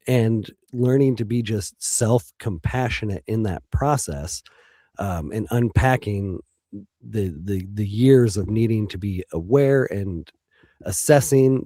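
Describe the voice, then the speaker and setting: A man with a low, mellow voice talks thoughtfully as an interview guest. He pauses often and restarts his sentences. The sound is dry and close. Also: dry recording. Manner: reflective, hesitant, many ums and restarts. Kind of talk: casual interview talk.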